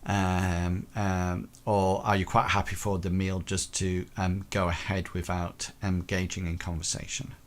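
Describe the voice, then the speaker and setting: Guy running a horror rpg, low voice, lots of ums and likes. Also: flat delivery. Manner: halting, full of ums and likes. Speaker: game master. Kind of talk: narrating a tabletop game.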